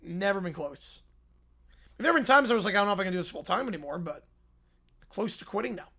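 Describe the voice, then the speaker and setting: A man's voice: sits high, expressive, quick pace, vocal fry, sharp tone. A man hosting a livestream, chatting casually and rambling as he reacts to videos, chuckling now and then. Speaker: livestream host.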